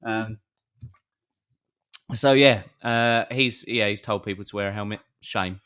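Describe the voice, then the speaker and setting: A man's voice: fairly low pitch, unhurried, a bit bright. A man co-hosting a casual podcast. He rambles and hesitates with many ums and uhs. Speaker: podcast co-host. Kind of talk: casual chat. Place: live-streamed podcast.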